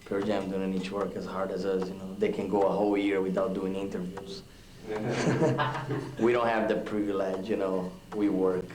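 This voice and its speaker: A man's voice: low-pitched, steady tone, normal speed, noisy background. A young man, a touring musician, talking frankly and loosely in a casual documentary interview, with many fillers. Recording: roomy echo with music behind.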